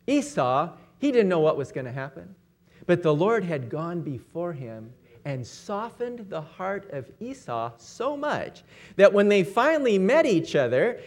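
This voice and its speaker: A man preaching a sermon, retelling stories and briefly acting out the quoted lines. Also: high voice.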